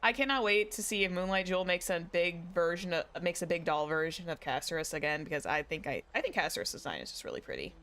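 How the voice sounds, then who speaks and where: A woman's voice: lowish voice, expressive, fast talker, few pauses, fairly bright tone, a little hiss or hum. A young woman streaming a game, chatting in a rambling way and correcting herself often. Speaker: VTuber streamer. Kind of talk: live game stream commentary.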